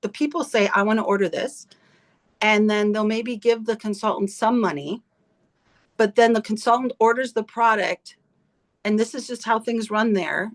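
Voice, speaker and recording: Blunt, swearing woman on a video call. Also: medium pitch. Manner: blunt, swears freely, emphatic. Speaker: team leader in direct sales. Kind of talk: heartfelt motivational talk to her team.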